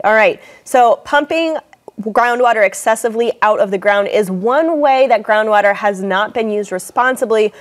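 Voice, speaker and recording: Measured woman hosting an English lesson. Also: fairly high pitch. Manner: clear, measured, reads passages aloud.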